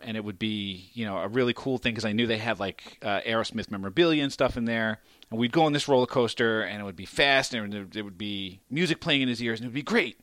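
A middle-aged man co-hosting a casual comedy podcast, telling family stories and acting out quotes with sudden loud jumps. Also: fast talker, dry recording, clean studio sound. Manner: animated, acts out quotes with big pitch jumps. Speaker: podcast co-host.

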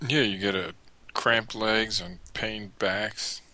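A man's voice: on the low side, fairly even intonation, slow, pushed and bright. A man in casual podcast chat, answering in short, dry, wry remarks.

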